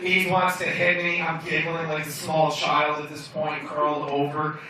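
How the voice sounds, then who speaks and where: A man's voice: a little high, level tone, moderate pace, a crowd in the background. A young man doing a stand-up comedy set in a bar lounge, telling stories in a brash, profane, self-mocking way. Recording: echoey bar room from far off.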